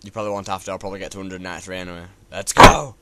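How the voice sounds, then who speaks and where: Racing through his words in a low, flat voice, a young man swears nonstop at a platformer he's playing, commentating his run in annoyance. Heavy background noise and loud keyboard clicks and typing fill the recording.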